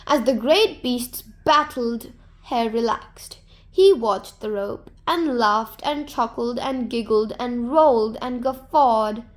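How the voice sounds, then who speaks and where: A woman narrating a folktale to children in a gentle, expressive storybook manner. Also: fairly high pitch, slow pace.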